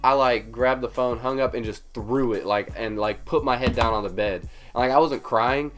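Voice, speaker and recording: Young male vlogger, average pitch, animated filler-heavy storytelling, faint background music. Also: normal speed. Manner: animated, emphatic retelling with lots of fillers. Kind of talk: storytime vlog.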